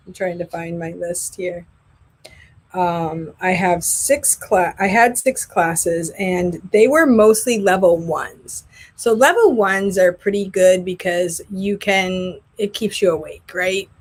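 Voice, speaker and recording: A woman's voice: fairly low pitch, slow pace, slightly rough. A woman who teaches English online, chatting casually and telling rambling stories about her classes. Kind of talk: casual vlog chat.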